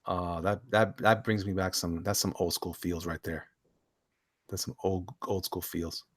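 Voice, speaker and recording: A man's voice: sits low, steady tone, measured pace, dry recording, clean studio sound. A man hosting a casual chat show, flipping through comics, often laughing and repeating himself. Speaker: host.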